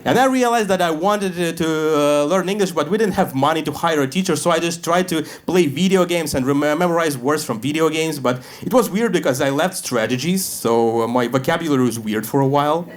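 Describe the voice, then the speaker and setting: A man in his thirties from Russia, speaking English, doing a dry stand-up set on a comedy club stage with pauses full of "uh". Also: fairly high pitch.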